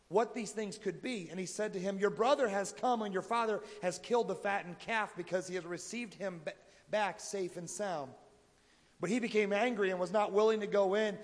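A man preaching a sermon, moving between quiet pleading and loud exhortation. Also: high voice. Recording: long hall reverb.

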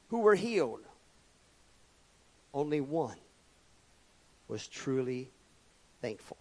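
A man preaching a sermon, reading scripture aloud and pressing his points with loud emphatic rises and sudden quiet drops. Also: mid-range voice, very animated, slow pace, long pauses.

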